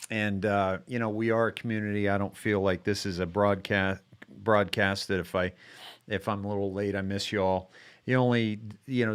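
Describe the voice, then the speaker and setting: Guy hosting a live stream, kinda low smooth voice, rambles w lots of um and uh, restarts a ton. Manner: rambling, many restarts and fillers. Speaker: host of a live-streamed show. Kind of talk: casual chat.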